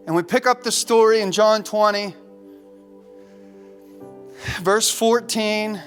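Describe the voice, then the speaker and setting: A pastor preaches an impassioned sermon in a high-sitting voice, speaking slowly and pausing often over soft background music. He repeats words as he builds to emphasis and gives voice to the disciples' despair.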